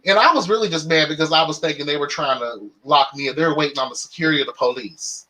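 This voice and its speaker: A man's voice: on the high side, fast, few pauses, sharp tone. A man hosting his own channel, telling a story as a casual rant, profane, sassy and dramatic. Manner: exasperated, dramatic retelling. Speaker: channel host.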